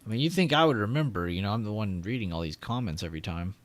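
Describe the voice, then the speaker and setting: A young man runs a live trading stream, chatting casually, reading comments aloud and laughing a lot. His lowish voice is expressive and quick, and the recording is dry.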